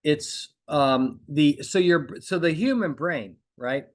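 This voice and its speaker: A man's voice: on the high side, slow. A man hosting a podcast, coaching lawyers on courtroom speaking in an emphatic monologue. He repeats his points and keeps checking in with "okay?". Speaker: trial consultant podcast host.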